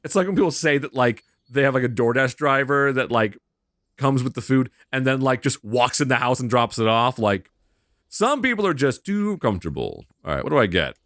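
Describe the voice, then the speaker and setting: A man's voice: medium pitch, very animated, a little fast, a bit bright, dry recording, studio quality. A man giving casual gameplay commentary with crude, sarcastic humor.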